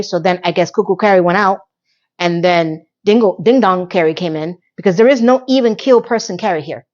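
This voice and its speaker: A woman recapping a TV episode in an animated, exasperated rant, sarcastic and talking straight to her viewers, a little hoarse from losing her voice. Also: mid-range voice, normal speed, lo-fi sound. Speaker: TV recap vlogger.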